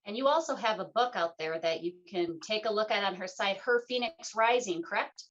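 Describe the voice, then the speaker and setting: A woman's voice: medium pitch, fairly quick. Brief: radio host, woman, middle-aged, playful conversational delivery, muffled lo-fi recording. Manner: animated, playful, acts out quoted voices. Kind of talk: casual conversational interview. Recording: dull lo-fi sound.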